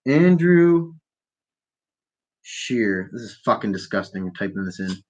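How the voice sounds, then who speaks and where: A man's voice: fairly low pitch, big pitch swings, measured pace, highs cut off, noisy background. A man hosting a live call-in show from Canada, stoned and ranting about politics in a profane, rambling, mocking way. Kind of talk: casual stoned political rant.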